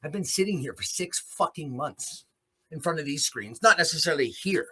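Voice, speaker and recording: A furious man from Alberta, Canada, hosts his own podcast in a small room. His voice is raspy and gravelly, and it sits high and bright. He delivers a defiant, profane rant that swings from low grumbles to shouts. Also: expressive, normal speed. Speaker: host. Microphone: podcast mic in a small room.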